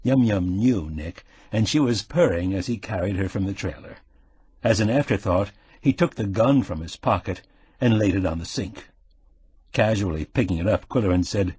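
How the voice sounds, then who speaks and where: A man narrating a cozy mystery audiobook in an even, measured storytelling way. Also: deep voice, breathy edge, no room sound.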